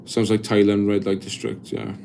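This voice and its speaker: A young Welsh man talks loosely on a live stream, his voice sitting a little low, stumbling and restarting as he answers viewer comments. Faint background ambience sits under him. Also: monotone, moderate pace, vocal fry, mellow, a little hiss or hum. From Wales. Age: 20s. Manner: rambling, chatty, many restarts and fillers; reads viewer comments aloud and answers them. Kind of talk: casual live-stream chat.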